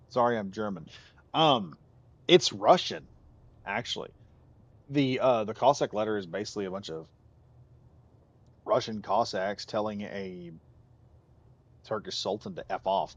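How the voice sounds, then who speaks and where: A man streams a game and chats casually in a voice on the low side, frequently laughing as he wanders onto tangents. The audio has no echo but its highs are cut off.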